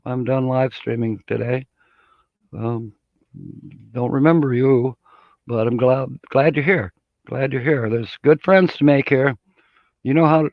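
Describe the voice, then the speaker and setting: A middle-aged man from Michigan chats on his live stream in a folksy, rambling way and chuckles often between thoughts. His voice sits at an ordinary pitch. The audio is dry and a little dull, like a basic home computer mic. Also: dry recording. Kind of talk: casual live-stream chat.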